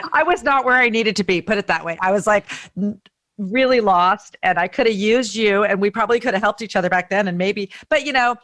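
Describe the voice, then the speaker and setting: A woman's voice: medium pitch, expressive, fairly quick, a bit bright. A woman hosting a podcast interview, talking in a heartfelt, effusive way. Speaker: podcast host. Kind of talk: casual interview chat.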